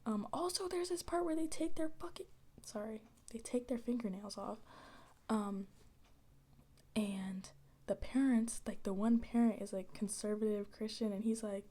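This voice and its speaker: A young woman, chatting casually in soft-spoken ASMR style, slipping into whispers as she rambles in slang. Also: on the high side, normal speed. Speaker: ASMR creator.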